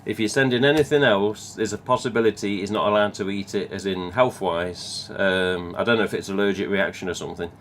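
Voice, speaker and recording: A lowish-voiced man with an English Midlands accent rambles through a casual live stream from home. He reads out viewer comments, swears freely, and keeps drifting between topics. Faint room hiss sits behind his voice. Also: fairly quick, few pauses, fairly bright tone. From England.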